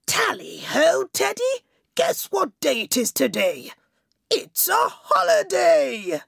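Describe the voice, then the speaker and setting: A jolly, excitable king, as a woman storyteller puts him on bursts out his lines with a bouncy, exclamatory lilt. His voice sits high and swoops widely between words, in the manner of a children's storybook reading. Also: slow, creaky, dry recording, clean studio sound, exaggerated voice. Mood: excited.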